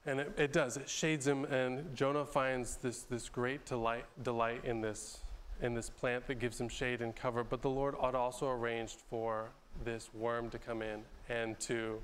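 A man preaching a sermon, retelling a Bible story in a loose, conversational way with frequent restarts, repeated words and throat-clearing. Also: mid-range voice, little pitch movement, a little slow, slight background noise. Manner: clears his throat often between phrases. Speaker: pastor.

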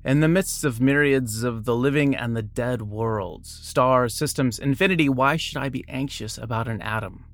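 A man's voice: mid-range voice, normal speed, few pauses. A man reading short biographies and quotes aloud, breaking off now and then for casual asides and small self-corrections.

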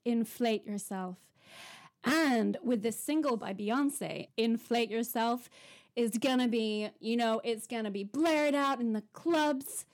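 A woman's voice: fairly high pitch, takes it slowly. A woman in an improvised mock interview, talking in a breezy, mock-serious way. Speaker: comedy performer.

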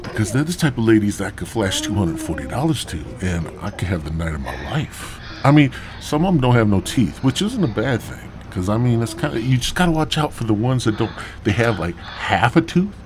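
Low, lively man telling crude stories. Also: brisk, few pauses, a crowd in the background. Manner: profane, rambling, stoned drawl. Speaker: podcast host. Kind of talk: crude comic storytelling.

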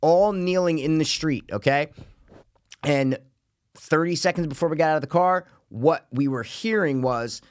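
A man telling a story in casual chat, profane and animated, loudly acting out what people said. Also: a little high, moderate pace, dry recording, studio quality. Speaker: podcast co-host telling a story.

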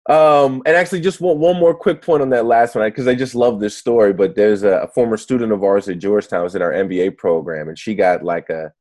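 Low-voiced man, an author, talks in restarts. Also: fairly quick, few pauses. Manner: animated, restarts phrases often. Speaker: guest author. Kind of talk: conversational interview.

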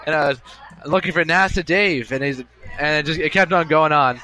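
A man's voice: on the high side, a little fast, sharp tone. A man hosting a casual podcast, rambling and amusing himself while he tells a long story on his own. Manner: chatty, self-amused, repetitive storytelling. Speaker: podcast host. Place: bar.

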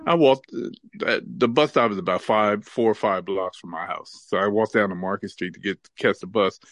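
A man co-hosting a podcast, telling stories in a casual, animated way and laughing often. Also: fairly low pitch, dry recording. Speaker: podcast co-host. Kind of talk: casual chat and storytelling.

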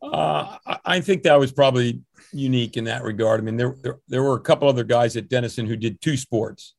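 This older New Jersey man, a swim coach for many years, tells relaxed interview stories about growing up, wandering through anecdotes with restarts and chuckles. His medium-pitched voice is brisk, creaky and somewhat dark, with no echo.

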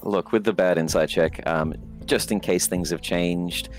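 A man speaking as a player in a tabletop game, hesitant with many fillers and quick to laugh. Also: low voice, steady tone, soft background music. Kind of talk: casual chat in a tabletop game.

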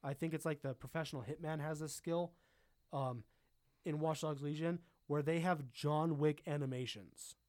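A man's voice: on the high side, steady tone, moderate pace, a little mellow, no room sound, studio quality. A man co-hosting a casual podcast about video games, rambling, swearing freely and laughing often. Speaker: podcast co-host.

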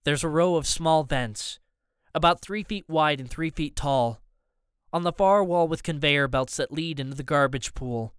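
Smooth, tense male audiobook narrator. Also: on the high side, moderate pace, a bit bright, no room sound, studio quality. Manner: tense, urgent storytelling. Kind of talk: scripted first-person narration.

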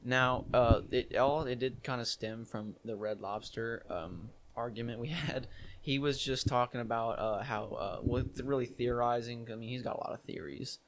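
A man's voice: medium pitch, moderate pace, a little hiss or hum. A young man who is a guest on a podcast, chatting in a loose, slangy, rambling way. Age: young adult. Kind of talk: casual chat.

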